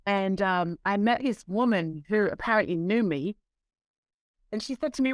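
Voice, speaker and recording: A woman interview guest telling stories in a lively way, acting out quoted voices. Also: medium pitch, normal speed, no echo. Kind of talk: storytelling in conversation.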